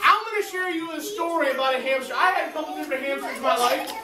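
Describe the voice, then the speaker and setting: A woman telling a story to children in church, animated and asking them questions. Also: high voice, quick pace, over a noisy crowd. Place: large church hall. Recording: echoey hall, recorded from far off.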